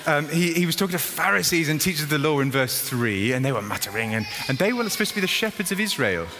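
A man preaching a lively sermon, acting out a story in a playful, animated way. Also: fairly high pitch, quick pace. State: out of breath. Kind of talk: lively sermon with acted demonstration. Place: church hall. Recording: echoey hall with faint noise.

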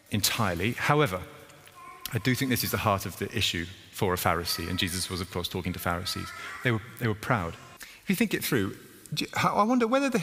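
Low-voiced male pastor preaching. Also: a bit bright, long reverb tail. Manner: conversational, repetitive rhythmic phrasing. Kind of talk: sermon. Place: church.

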